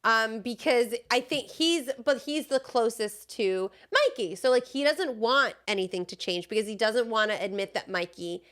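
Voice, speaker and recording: A young woman chats eagerly as a podcast co-host. Her voice sits a little high, and she rambles through her thoughts with plenty of filler words. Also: animated, normal speed, few pauses, fairly bright tone. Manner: chatty and enthusiastic, many fillers. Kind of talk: casual chat.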